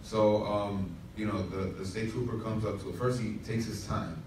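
A man's voice: fairly low pitch, fairly even intonation, normal speed, background noise. A man pastor telling a humorous story in a sermon, with asides to the congregation. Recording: echoey room from far off.

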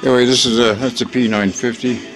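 A man vlogging to his viewers in a rambling, profane monologue, full of fillers and quick apologies. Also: mid-range voice, steady tone, low-quality recording. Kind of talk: casual rambling monologue to camera. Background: background music.

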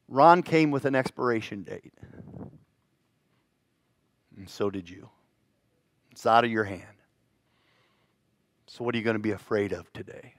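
A man preaching a sermon in a church, telling stories with lively swings between hushed and loud delivery. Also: fairly low pitch, unhurried, pauses often, no echo, studio quality. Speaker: pastor. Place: church sanctuary.

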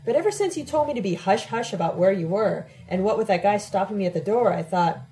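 A woman's voice: mid-range voice, expressive, fast talker, mellow, close to an everyday voice. A woman voicing a touchy, defensive young man who turns admiring, in an audiobook reading. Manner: hostile, then contrite.

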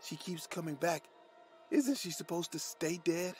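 A man voicing a terrified, badly burned man who whispers and pleads in a drawn-out, sobbing way in a horror storybook. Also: fairly high pitch, a little mellow, faint music behind, voice pushed up, natural voice. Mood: frightened.

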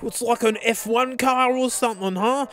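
High voiced aussie guy gushing his way round a music shop, mate every other line. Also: moderate pace. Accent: Australian. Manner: excitable, gushing, says "mate" constantly. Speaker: vlog host. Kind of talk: casual walkaround vlog. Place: indoor music store, walking around.

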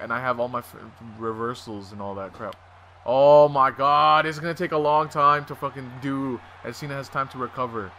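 A man commentates on his own video game match with excitable energy, swearing freely and yelling at the screen. His voice is bright and sits a little high. Faint background noise runs under the recording. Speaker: gaming commentator. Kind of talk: excited let's-play commentary.

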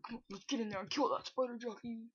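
Female gameplay host, husky and unhurried, chatty and self-mocking with sudden loud outbursts; dull lo-fi recording. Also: a little high, steady tone, no echo. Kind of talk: casual gameplay commentary.

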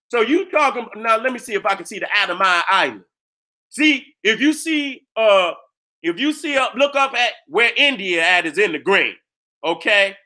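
Man, very high pitch, piercing sharp tone, heated profane lecture, repeats himself for emphasis. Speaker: host presenting history with maps.

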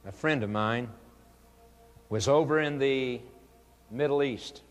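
A man delivering an evangelistic sermon in an unhurried, deliberate way. He pleads earnestly with his listeners and builds to fervent emphasis. His voice carries a long reverb from a large hall. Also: medium pitch. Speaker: preacher.

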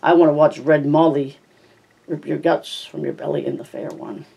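A hobby audiobook reader voicing a small, spiteful, mocking elf man with a high, taunting voice. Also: level tone, moderate pace, creaky, dark tone, slightly rough, lo-fi sound. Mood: screaming. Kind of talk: audiobook character voice.

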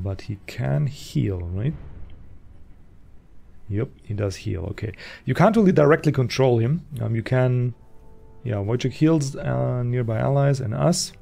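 Gravelly let's play host. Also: male voice, medium pitch, warm tone. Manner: chatty, thinking aloud with fillers. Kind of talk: casual gameplay commentary. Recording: voice over game audio.

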